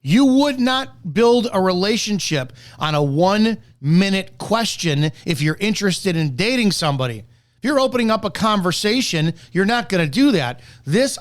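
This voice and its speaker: Combative male commentator, profane and blunt, voice sitting a bit high. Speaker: network marketing commentator. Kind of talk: reaction commentary.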